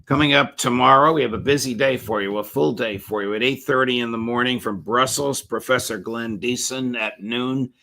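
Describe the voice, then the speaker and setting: A man hosting a political interview show, speaking in a measured way with frequent pauses. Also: medium pitch, steady tone, creaky, pushed and bright. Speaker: host.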